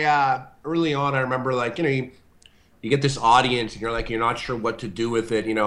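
A man, a show host, telling a casual animated story on a video call, with many fillers, acting out the voices of the people in it. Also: mid-range voice.

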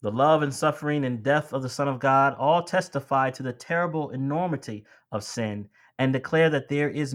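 A man preaching a sermon, talking to the congregation like friends, building to emphatic lines and easing back down. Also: on the high side. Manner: addresses listeners as beloved and friends.

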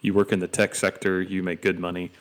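A man's voice: low voice, monotone, brisk. A young man from Georgia talking casually on a podcast, telling stories with many fillers and restarts. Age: young adult. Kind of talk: casual conversation.

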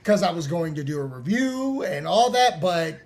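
A man co-hosting a podcast in casual banter, joking and laughing often, reading sponsor plugs in quick bursts. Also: on the high side, very animated. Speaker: podcast co-host.

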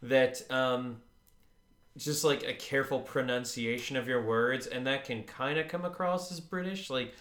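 A man's voice: mid-range voice, a little slow, a bit bright, reverberant. A man co-hosting a podcast, recapping a TV episode in casual chat, rambling with many fillers and dry jokes. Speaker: podcast co-host.

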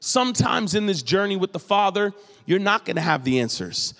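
A man from New England delivers a sermon in a high, bright voice. He talks animatedly, like a storyteller who likes a joke. His voice rings through a large hall with a long echo. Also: normal speed, gravelly. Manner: animated, jokey storytelling preacher. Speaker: pastor.

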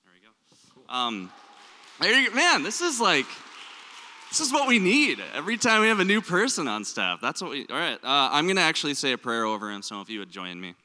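A director of student ministries with a Minnesota accent leads a service in a church sanctuary, reading a poem and praying between casual joking asides and frequent ums. His fairly high voice is very animated, fairly quick, pushed and bright, with a long hall reverb from the church.

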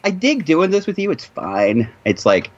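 A man's voice: on the high side, sing-song, normal speed, lo-fi sound. Wry, teasing male podcast host. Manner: wry, teasing, playful asides. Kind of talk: casual chat.

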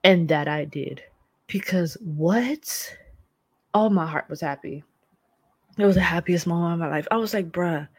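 A young woman vlogging, telling a story in a casual, dramatic and animated way with lots of slang. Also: on the low side, unhurried, pauses often, husky, no echo. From United States.

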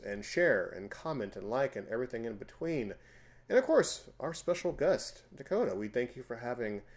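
A man in his forties hosting a casual podcast chat, telling stories with loud, emphatic bursts. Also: medium pitch. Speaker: podcast host.

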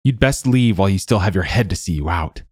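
Man doing a hard-bitten swordswoman, husky and low, curt orders, storybook reading. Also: expressive, fast, no room sound, clean studio sound. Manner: curt, commanding. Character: stern weary woman warrior, cursed.

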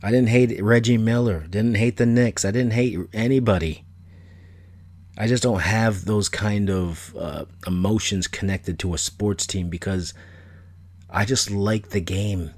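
A middle-aged man hosts a solo podcast, talking casually in a blunt, opinionated, rambling way that repeats itself. His voice is lowish, a little slow and a little mellow.

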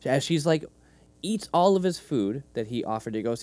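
A man's voice: mid-range voice, moderate pace. A man in his thirties co-hosting a podcast, recapping scenes in casual chat and acting out the characters' lines. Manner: animated, acts out quoted lines. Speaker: podcast co-host.

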